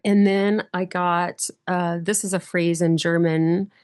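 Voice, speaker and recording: A middle-aged woman pastor, a guest on a podcast, telling stories in a lively way and acting out the voices of people in them. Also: on the low side, slow, clean tone, no room sound, clean studio sound. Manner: lively storyteller, acts out quoted voices. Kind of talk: casual storytelling interview.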